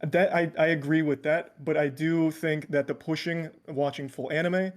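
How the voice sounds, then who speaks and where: Blunt man with a slightly high voice. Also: fairly even intonation, normal speed. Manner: blunt, opinionated, joking. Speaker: guest streamer. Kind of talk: casual chat.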